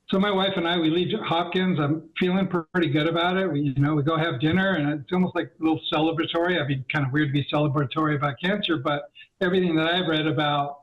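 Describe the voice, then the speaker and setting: A middle-aged man telling the story of his cancer diagnosis in an interview, acting out his talks with the doctor in quoted dialogue with many fillers. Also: fairly high pitch. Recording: dull lo-fi audio.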